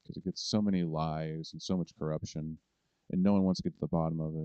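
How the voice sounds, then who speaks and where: A man's voice: very deep voice, fairly even intonation, quick pace, clear, resonant tone, dry recording. A man in a rambling, profane political monologue, ranting to his viewers. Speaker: vlogger. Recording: dull lo-fi recording, dry.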